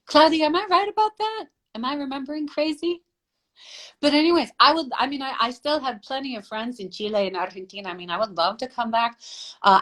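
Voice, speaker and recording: A woman who models and sings opera, telling animated stories and laughing on a live video call. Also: medium pitch. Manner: animated storyteller, laughs often. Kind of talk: casual live chat.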